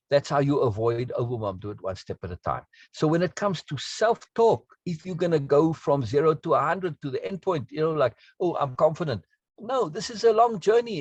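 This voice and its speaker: A man's voice: fairly high pitch, darkish tone, husky, no echo. A man teaching a self-help course, explaining in an earnest, emphatic way and often checking in with the listener. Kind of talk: spoken lesson on self-talk.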